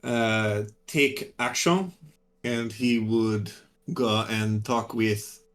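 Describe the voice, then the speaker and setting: A man playing a tabletop game on a live stream, talking slowly with many pauses and fillers in a mock French accent. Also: on the low side, steady tone. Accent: mock French put-on. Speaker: tabletop player. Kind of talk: in-character play on a live stream.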